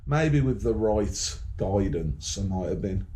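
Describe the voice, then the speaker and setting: A man's voice: fairly low pitch, lively intonation, takes it slowly, background noise. Profane rambling man with a Birmingham accent. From Birmingham, England. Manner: rambling, profane and combative, repeats words and restarts. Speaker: vlogger. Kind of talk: casual to-camera monologue.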